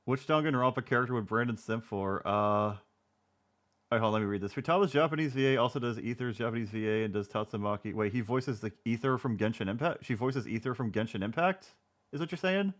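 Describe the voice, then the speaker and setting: A man's voice: medium pitch, quick pace. A man streaming commentary over a video, sarcastic, mocking and profane.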